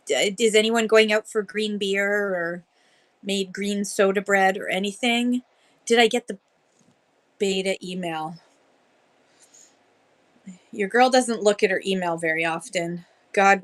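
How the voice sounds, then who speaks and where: A woman's voice: mid-range voice, a bit bright. A woman hosting a casual livestream chat, greeting viewers one by one by name in a bubbly, chatty way. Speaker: livestream host greeting sellers.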